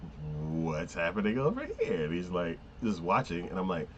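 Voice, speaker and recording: Rambling man with a low voice. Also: sing-song, normal speed, highs cut off, slight background noise. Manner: rambling, filler-heavy, laughs often, acts out quotes. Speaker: anime podcast host. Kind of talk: casual chat recapping an anime.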